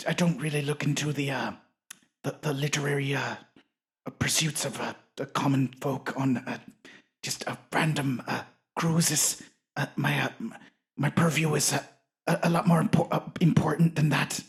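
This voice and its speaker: A man voicing a haughty, self-important male adventurer who talks in a pompous, halting way during tabletop role-play. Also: fairly high pitch, steady tone, lightly acted. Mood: dismissive. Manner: pompous, halting, full of filler sounds.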